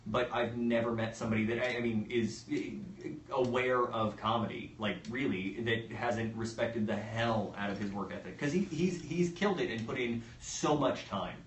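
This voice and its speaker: A man's voice: mid-range voice, fairly bright tone, far from the mic, a little hiss or hum. A man from the Midwest, a stand-up comedian, chatting casually about comedy in a rambling, enthusiastic way with many restarts. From American Midwest. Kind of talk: casual chat. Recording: echoey room, off-mic.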